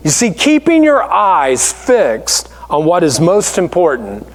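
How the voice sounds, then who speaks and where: A male pastor delivers a sermon with a strikingly high voice, telling stories in a lively, conversational way. His words ring out through a big, echoing church hall. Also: a little slow, few pauses. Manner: storytelling, conversational and animated. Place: church sanctuary.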